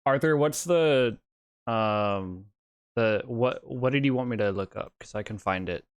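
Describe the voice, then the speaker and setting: A man's voice: medium pitch, unhurried, smooth, dry recording. A male streamer chatting casually on a live stream, laid-back and rambling.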